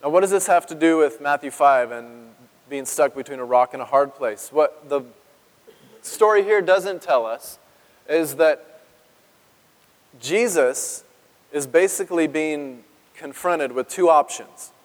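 A man's voice: a little high, expressive, measured pace, long reverb tail. A man preaching a sermon as pastor, talking conversationally and asking his congregation questions. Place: church sanctuary.

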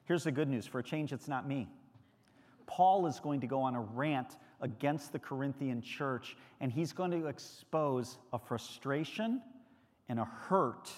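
A man's voice: medium pitch, darkish tone. Man preaching in a reverberant church. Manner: conversational preaching, asks the congregation questions. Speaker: pastor. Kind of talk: sermon. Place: church sanctuary.

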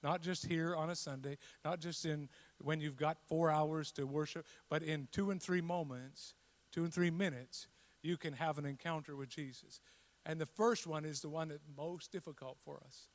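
A man preaching a sermon, telling a scripture story and building to loud, passionate repetition. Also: on the high side, fairly even intonation, normal speed. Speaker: pastor.

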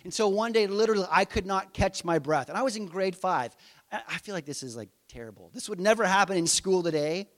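A man's voice: high-pitched, animated, brisk, a bit bright. A middle-aged man preaching a conversational sermon, asking his listeners rhetorical questions. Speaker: pastor.

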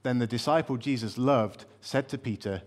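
A man delivers a sermon in a relaxed, conversational tone. His voice sits at a middling pitch. He tells the story with dry humor, stumbling and restarting now and then. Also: moderate pace. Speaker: preacher.

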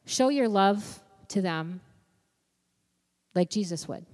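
Speaking slowly in an expressive, mid-range, slightly mellow voice, a young youth-minister-type woman delivers a laid-back sermon packed with "you know" and other fillers. She sounds conversational, and the recording carries the long echo of a church hall's sanctuary.

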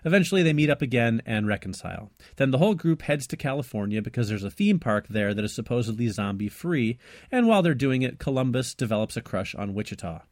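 A man's voice: medium pitch, lively intonation, quick pace, a little mellow, no echo. A man in the middle of his range talks with fluent enthusiasm, walking through a film's plot for a casual podcast. The sound is dry and close to the mic. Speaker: podcast co-host. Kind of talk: casual movie podcast chat and recap.

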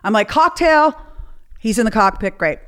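Woman guest, casual frank storyteller, acts out her quotes, mid pitch. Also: expressive, moderate pace. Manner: candid storytelling with acted-out quotes. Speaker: podcast guest. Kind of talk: casual chat.

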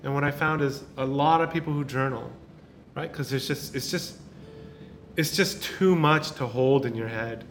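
A man's voice: mid-range voice, normal speed, faint music behind. A male pastor preaching an informal sermon, talking in a casual way with restarts and many tag questions. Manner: conversational, repeats words, many tag questions.

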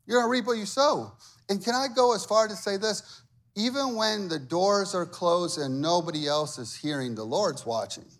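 A man's voice: sits high, normal speed. A man preaching a sermon as pastor, talking to the congregation conversationally and building to emphatic, repeated lines.

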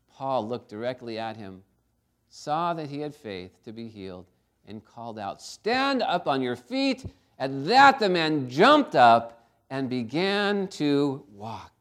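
A man preaching a sermon, emphatic, asking his listeners for responses. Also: on the high side. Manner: emphatic, calls for congregation responses.

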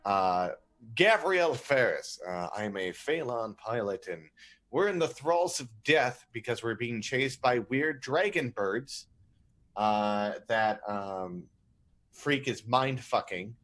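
A man's voice: medium pitch, animated, slow, fairly bright tone. A man introducing his character in a rambling, crude, joking way. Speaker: player. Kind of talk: casual chat.

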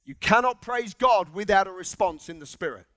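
A man preaching a sermon in a church with passion, rising to shouts and calling the congregation to respond. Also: sits high, lively intonation, moderate pace, dry recording. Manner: impassioned, shouting in bursts, congregational call-and-response.

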